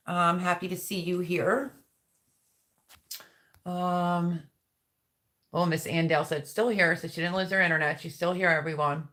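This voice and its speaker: Her voice is lowish and a bit bright as she hosts a casual live stream. She welcomes viewers by name and chats while reading what they've commented.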